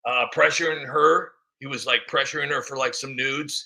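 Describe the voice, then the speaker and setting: A man's voice: mid-range voice, steady tone, normal speed, creaky, sharp tone. A man giving a rambling, mocking political commentary with many fillers. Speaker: vlogger.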